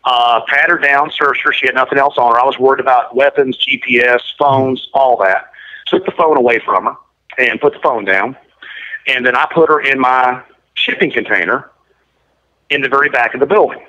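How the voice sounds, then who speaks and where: A man's voice: mid-range voice, normal speed, sharp tone. A man giving an interview and telling a story in a blunt, matter-of-fact, detailed way. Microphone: prison phone line. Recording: muffled lo-fi line.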